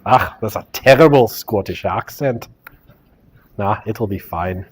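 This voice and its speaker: A man's voice: fairly low pitch, unhurried, a little hiss or hum. A man teaching a university sociology class, reading quiz questions aloud and joking with his students. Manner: joking asides, teasing students. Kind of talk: lecture running a class quiz. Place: lecture classroom.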